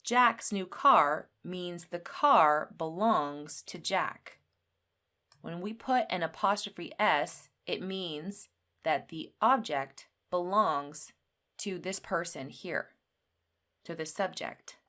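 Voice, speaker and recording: Female grammar teacher, deliberate delivery, slightly low pitch, reads examples out with emphasis. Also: sharp tone. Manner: slow, clearly spelled-out teaching; acts out example sentences with lifted pitch. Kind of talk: grammar lesson.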